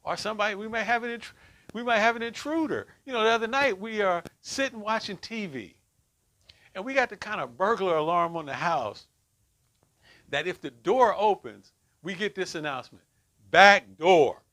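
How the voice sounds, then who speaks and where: This middle-aged workshop leader speaks to a group about relationships in a conversational way, tossing in "right?" to check in. He has a high, expressive, fairly bright voice at normal speed.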